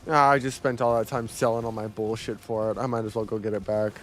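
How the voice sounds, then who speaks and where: A young man cursing his way through a game, talking to himself and breaking into loud exclamations. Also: fairly low pitch, level tone, fast, a little hiss or hum. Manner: profane, talks to himself, bursts into loud exclamations. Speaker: gamer. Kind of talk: live gameplay commentary.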